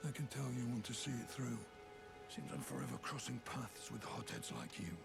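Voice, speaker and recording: An actor playing a wry, world-weary wanderer in a video game who mocks the player. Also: male voice, medium pitch, steady tone, normal speed, vocal fry. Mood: mocking. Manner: dry, mocking. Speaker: game character. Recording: game audio under music.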